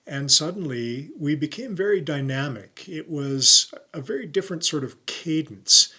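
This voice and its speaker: A middle-aged man hosts a tutorial on camera, his voice bright and a little high for a man. He speaks in a clear, deliberate presenter's manner and leans on his key words. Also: lively intonation. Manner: clear, deliberate presenter delivery with stressed keywords. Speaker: YouTube coach and host.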